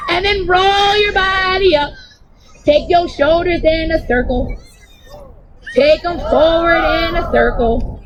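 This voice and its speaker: A young woman leading an energetic outdoor movement class for children, cheering and coaching them playfully through each move. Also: very high-pitched, slow, shouting, slight background noise, rough recording. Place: outdoors on grass.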